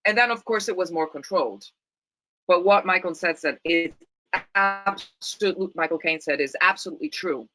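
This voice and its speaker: A woman's voice: lowish voice, moderate pace, fairly bright tone, faint music behind, poor audio. A middle-aged woman from Italy with an Italian accent, a guest actress talking thoughtfully and often restarting her sentences. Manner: thoughtful, many restarts and repeated words. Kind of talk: casual interview chat.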